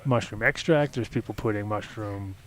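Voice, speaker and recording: A man hosting a casual talk show, telling a long story in a rambling, animated way and acting out his own reactions. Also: lowish voice, normal speed. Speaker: host.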